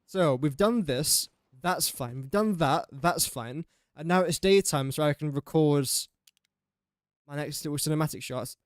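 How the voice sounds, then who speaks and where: A young man from England chats casually and rambles while livestreaming a building game, often chuckling at his own slips in a self-mocking way. His fairly high voice moves at a measured pace, captured in a dry, clean studio recording.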